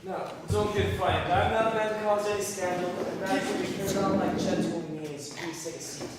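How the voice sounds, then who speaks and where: A man playing a soft-spoken police officer in a stage comedy, calm and coaxing as he questions people. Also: high-pitched, fairly quick, over a noisy crowd, lightly acted. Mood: soothing. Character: mild-mannered male police officer, soothing. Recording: echoey hall, far from mic, background noise.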